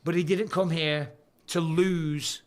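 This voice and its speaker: A man's voice: a little high, steady tone, slow pace. A man in his forties hosting a casual fight-night livestream, boisterous and jokey, swearing freely. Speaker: livestream host.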